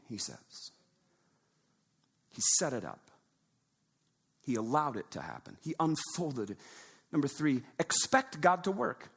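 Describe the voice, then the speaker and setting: A man preaching a conversational sermon in a church, with quick asides to the congregation. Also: mid-range voice, wildly swooping pitch, creaky, fairly bright tone, slightly rough. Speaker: pastor. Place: church sanctuary.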